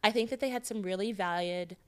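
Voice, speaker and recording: Woman playing a languid posh pretty-girl type, soft and airy, mid pitch. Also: quick pace, clear, resonant tone, lightly acted.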